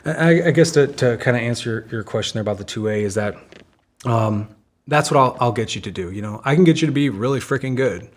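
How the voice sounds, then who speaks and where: Guest: thirties-age man, mid-pitched, energetic and profane storyteller, casual podcast chat. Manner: animated, profane, fast storytelling with frequent "dude" and "man". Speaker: guest, former special operations Marine and firearms instructor. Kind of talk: casual conversational interview.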